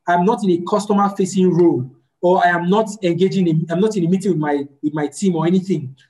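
A woman's voice: on the low side, a little mellow, rough recording. A woman leads a group session, teaching and answering questions in a practical way and repeating words for emphasis.

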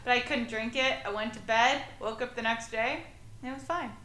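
A woman's voice: fairly high pitch, brisk. A young woman chatting casually and cutting in with short corrections. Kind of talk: casual chat. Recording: loud background noise.

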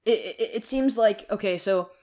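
A woman's voice: medium pitch, normal speed, mellow. A woman in casual chat, thinking aloud and spinning out theories.

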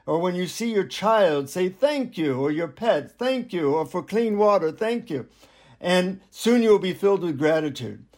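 A man voicing a serene old male Indian guru with an Indian accent, speaking in a slow, instructive way. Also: high voice, expressive, darkish tone, voice pushed up. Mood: solemn.

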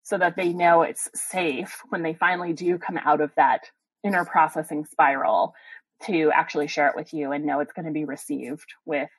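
A woman hosting a live podcast, giving calm, thoughtful relationship advice to a caller. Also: low voice, normal speed, husky, dry recording, low-quality recording. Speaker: podcast host and sex educator.

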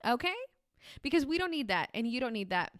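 A woman's voice: on the high side, big pitch swings, brisk, a bit bright, clean tone, no room sound. Candid young woman podcasting, dry close sound. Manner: candid, swears casually, acts out sample dialogue. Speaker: podcast host. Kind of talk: casual advice monologue.

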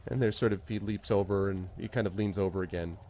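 A man's voice: low-pitched, steady tone, fast, warm tone, slight background noise. Male game master, casual, hesitant narration. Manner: casual, hesitant, many fillers.

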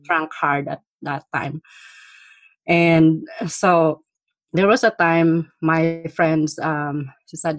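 A middle-aged woman with a low, deep-set voice tells stories from her past in a casual conversation. She is animated and laughs easily. The sound is dry and close. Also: takes it slowly, no room sound. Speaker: guest. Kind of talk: casual storytelling.

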